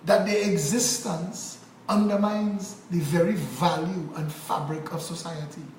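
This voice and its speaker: A Trinidadian man delivers a fiery, angry political rant with a preacher's rolling cadence. His voice sits at a middling pitch and rings in an echoey room with a faint hiss behind it. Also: fairly even intonation, a little slow. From Trinidad and Tobago. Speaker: political commentator vlogger. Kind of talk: impassioned political monologue.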